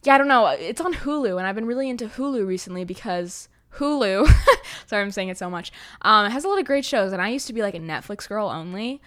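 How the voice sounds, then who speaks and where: A woman's voice: mid-range voice, animated, fast, fairly bright tone. A teenage girl hosting her own podcast, rambling casually with lots of "like" and "um" and plenty of self-deprecating asides. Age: teens. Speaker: podcast host. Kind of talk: casual solo podcast chat.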